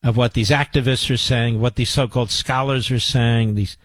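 A man's voice: medium pitch, steady tone, normal speed. A male talk radio host delivers commentary into a studio microphone, emphatic and building his points through repetition. The sound is dry and close, with no room echo.

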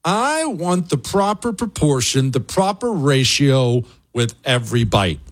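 A man hosting a talk show, ranting in comic mock outrage. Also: measured pace. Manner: animated, exasperated, mock-outraged, swinging pitch. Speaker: radio host. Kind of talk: comic rant on talk radio.

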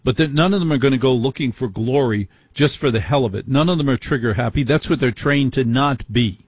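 Husky middle-aged guy doing a talk radio rant, dry sound, keeps asking how can this happen. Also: medium pitch, fairly quick, no echo. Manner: ranting, indignant rhetorical questions. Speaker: radio talk show host.

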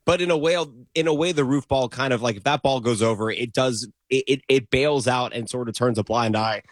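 Male radio co-host, mid-pitched, dry studio sound, rambling and jokey. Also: a little fast, dry recording. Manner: rambling, restarts often, jokey. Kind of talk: sports talk radio banter. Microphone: studio microphone.

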